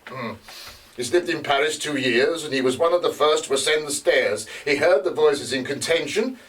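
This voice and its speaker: An actor playing a male investigator who reports witness testimony in a live stage drama, often pausing with hesitations. He is recorded from a distance. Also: fairly high pitch, fairly bright tone, close to an everyday voice. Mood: measured. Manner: halting, with frequent hesitations. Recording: distant mic.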